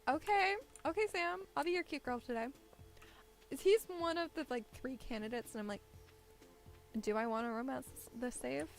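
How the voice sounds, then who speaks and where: Creaky-voiced woman chatting through a game. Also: high voice, normal speed, soft background music. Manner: chatty, rambling, thinks out loud with little laughs. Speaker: game streamer. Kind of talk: casual gameplay commentary. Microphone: desk microphone set low.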